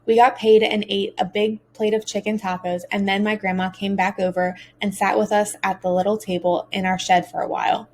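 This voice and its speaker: A woman's voice: medium pitch, flat delivery, brisk, few pauses, darkish tone, a little hiss or hum. A woman narrating a first-person audiobook as a teenage boy, earnest and emotional.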